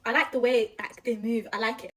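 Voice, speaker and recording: A woman answering questions in a street interview, chatty and quick. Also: fairly high pitch, fairly even intonation, a bit bright, distant mic.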